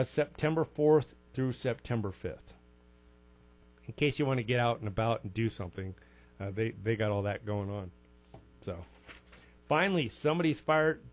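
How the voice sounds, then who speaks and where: A man hosting a call-in swap show on local radio, chatting casually with folksy jokes and asides. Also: mid-range voice. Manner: rambling, folksy, jokey asides.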